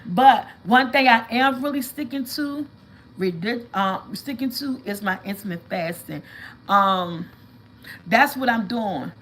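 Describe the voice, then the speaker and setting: A woman chatting casually with viewers on a livestream, telling animated stories and calling them y'all. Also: fairly high pitch, measured pace, rough recording. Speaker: vlog host.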